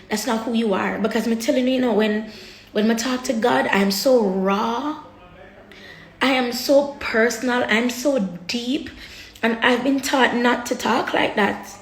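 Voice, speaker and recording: A woman's voice: a little high, vocal fry, roomy sound. A woman speaking candidly to her viewers in a vlog, blunt and raw, swearing freely and heavy with her words. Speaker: vlogger. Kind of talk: candid personal vlog talk.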